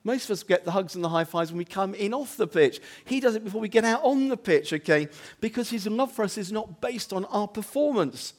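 A man preaching a sermon as the pastor of his church, talking conversationally with rhetorical questions and "okay?" asides, dropping to hushed lines and rising to loud emphatic ones. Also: expressive, brisk, few pauses. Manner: swings between hushed low moments and loud emphatic stretches. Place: church building.

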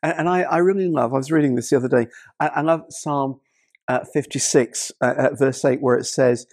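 A man's voice: mid-range voice, a little mellow, no echo, clean studio sound. A man preaching a sermon in an earnest way, often repeating words and restarting his sentences.

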